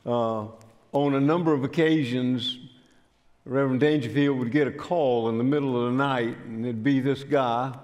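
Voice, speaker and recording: An older man, telling a story in a sermon in a folksy, unhurried way. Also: medium pitch, fairly even intonation, darkish tone. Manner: folksy, unhurried, frequent fillers. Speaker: pastor. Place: church sanctuary. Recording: church hall with long reverb.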